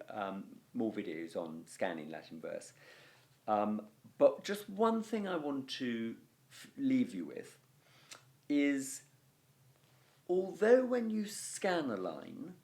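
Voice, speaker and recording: A middle-aged man with an English accent, teaching Latin verse scansion in a patient, explanatory video lesson. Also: fairly low pitch. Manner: patient, explanatory, fond of chanting rhythm syllables.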